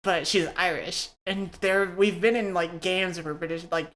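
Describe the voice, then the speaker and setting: A woman's voice: on the low side, fairly even intonation, normal speed, a bit bright. A woman hosting a podcast, chatting casually, rambling with lots of restarts and swearing. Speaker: podcast host.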